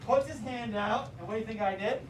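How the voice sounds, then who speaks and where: Man, very high voice, animated storyteller, acts out voices, echoey room, distant mic. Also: brisk, background noise. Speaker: teacher trainer telling a story. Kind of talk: storytelling talk to a live audience.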